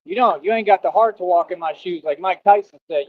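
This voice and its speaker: A man casually talking on a livestream, boastful and swaggering, full of street slang, now and then bursting into high sing-song bits. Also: brisk, dry recording. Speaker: streamer. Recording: dull lo-fi stream audio.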